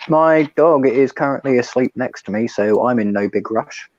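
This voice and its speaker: A man chatting as a guest on a watch stream, earnest and measured, with some hesitation. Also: medium pitch, a little mellow, no echo, highs cut off. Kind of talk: casual chat on a watch stream.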